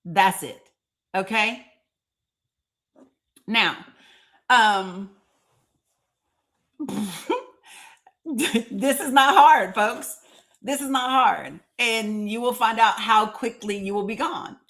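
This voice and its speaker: A woman's voice: a little high, drawn-out words, pauses often, a bit bright. A woman with a Northeast Tennessee accent hosting a live stream, chatting emphatically and calling out commenters by name. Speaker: livestream host.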